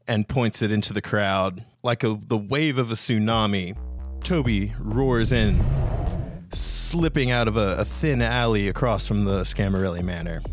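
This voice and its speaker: A man narrating as game master in a casual way with frequent fillers. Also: fairly low pitch.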